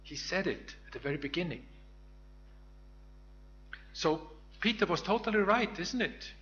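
A man's voice: high-pitched, lively intonation, a little slow, bright, forceful tone, dull audio, slight background noise. A man giving a Bible teaching sermon, retelling scripture in a reflective storytelling way with small restarts. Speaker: preacher.

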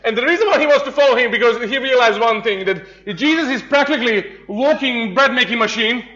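Bright high-voiced pastor. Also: male voice, brisk. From Serbia. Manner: jokey storytelling, laughing, many restarts. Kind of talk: humorous sermon. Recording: dull lo-fi sound.

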